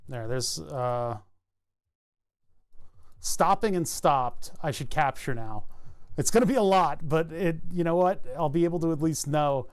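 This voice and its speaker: Guy on a live stream, a bit high voice, muttering and restarting his sentences while he debugs. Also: clear, resonant tone. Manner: muttering, halting, self-interrupting while debugging. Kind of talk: casual live-stream thinking aloud.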